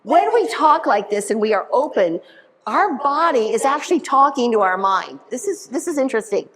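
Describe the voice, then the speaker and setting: A high-pitched, energetic woman gives a motivational keynote before a live audience in a conference room, speaking at normal speed. She is animated and engages the crowd with questions.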